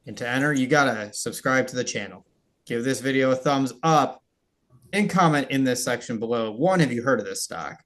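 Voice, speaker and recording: A man's voice: mid-range voice, lively intonation, normal speed, fairly bright tone. A man co-hosting a dividend investing show in casual chat, explaining things steadily and laughing easily.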